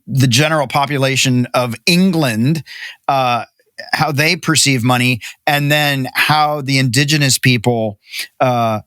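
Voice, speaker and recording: A man's voice: a little high, fairly bright tone, clear, resonant tone, no echo. Male podcast host, dry sound. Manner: measured, probing questions. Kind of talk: interview questions.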